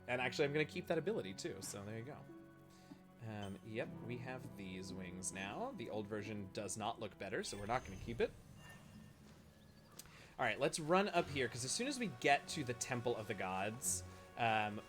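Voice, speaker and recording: Male streamer doing playful game commentary; lively pitch, swears and yelps. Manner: excitable, joking, swears and yelps. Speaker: gaming streamer. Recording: voice over loud game music.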